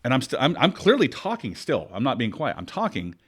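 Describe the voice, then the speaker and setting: A man's voice: medium pitch, brisk, slightly rough. A man co-hosting a podcast, telling a story in casual chat and ranting with emphasis. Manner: animated storytelling, rants with emphasis. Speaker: podcast co-host.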